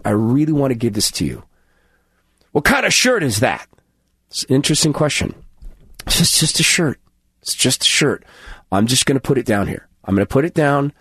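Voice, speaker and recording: A man hosting a radio show, telling a personal story in an earnest, halting way and acting out the dialogue. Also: mid-range voice, husky, no echo, studio quality. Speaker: radio host.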